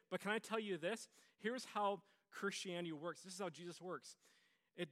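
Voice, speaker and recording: A man's voice: high-pitched, moderate pace, a bit bright. A man preaching a sermon as pastor, telling stories with energy and repeating his phrases for emphasis.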